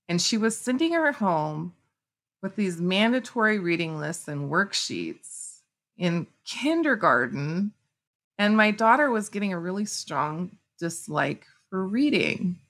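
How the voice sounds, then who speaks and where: Low, gravelly-voiced woman telling stories. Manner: animated, acts out quoted speech. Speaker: guest author. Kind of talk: conversational storytelling.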